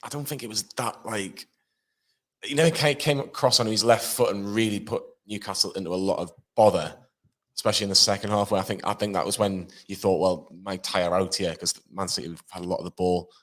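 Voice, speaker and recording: A man's voice: on the low side, fairly even intonation, brisk. A man giving his view as a fan pundit in a post-match chat, hesitant and full of fillers.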